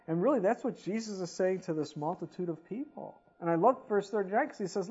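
A man's voice: sits high, sing-song, fairly quick, creaky, hardly any pauses, darkish tone, breathy edge, dull audio. A man preaching a sermon as a pastor, reading scripture aloud and then explaining it in casual, conversational asides.

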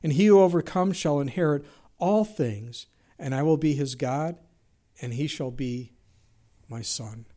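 A man's voice: on the high side, measured pace, warm tone. Earnest male preacher telling a story. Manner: earnest storytelling, quotes scripture, asks rhetorical questions. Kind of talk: sermon with illustrative story.

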